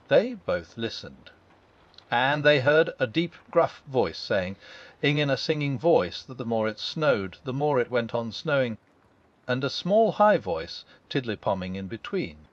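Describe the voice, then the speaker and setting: A man narrating a classic children's story as a calm, gentle, unhurried bedtime audiobook. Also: medium pitch, highs cut off.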